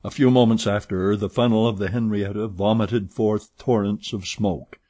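A man narrates a novel in a steady, measured read. His voice is low and husky, recorded dry and close. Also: no echo. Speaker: audiobook narrator. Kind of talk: audiobook narration.

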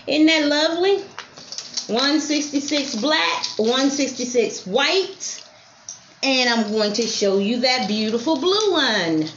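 A woman's voice: fairly high pitch, background noise. A woman selling jewelry on a live stream, repeating item numbers and praising each piece as lovely. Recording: roomy lo-fi stream with faint music.

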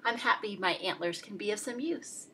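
A woman voicing a kindly, patient big male moose in a storybook read-aloud, speaking in a gentle, polite way. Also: medium pitch, normal speed, husky, poor audio. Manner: gentle, polite and long-suffering.

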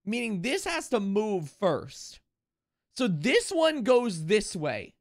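A man commenting on a video game live as he plays it. He talks slowly and repeats himself, and his pitch swings widely up and down with sudden excited bursts. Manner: thinks aloud, repeats himself, excited outbursts. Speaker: streamer.

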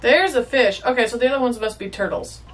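A woman's voice: a little high, fast, far from the mic. A young woman chatting playfully as she reacts to a movie, with joking asides. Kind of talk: casual reaction commentary.

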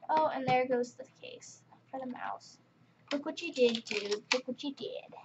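A woman with a high voice talks her way through a game at an unhurried pace, chatty and easily annoyed. Her voice comes through a dull, lo-fi mic, with faint keyboard clicking behind it. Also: noisy background. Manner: chatty, exasperated running commentary. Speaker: gaming channel host. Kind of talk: casual game commentary.

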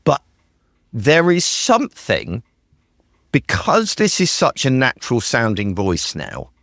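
A man's voice: mid-range voice, slow pace, vocal fry, no room sound, studio quality. A British man hosting a podcast, chatting with enthusiasm and acting out the prompts he types to his tools. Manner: enthusiastic, animated, acts out his own typed prompts. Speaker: podcast host. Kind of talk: casual chat.

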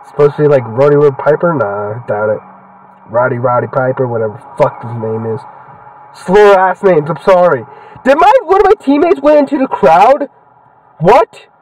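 A young man giving casual, swear-filled commentary while playing a video game, excitable and heckling the characters on screen. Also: fairly high pitch, no room sound, recorded from a distance, poor audio. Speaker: gaming channel host.

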